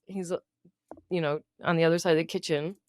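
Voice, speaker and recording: A woman's voice: fairly low pitch, steady tone, fast, darkish tone, no room sound. A woman co-hosting a podcast, telling a dating story in casual chat, laughing often and acting out her own thoughts. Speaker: podcast co-host.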